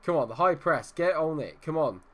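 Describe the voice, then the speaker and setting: A man's voice: fairly high pitch, expressive, a little fast. A man hosting his own gaming channel, giving live commentary over a management game in an exasperated, self-deprecating, rambling way.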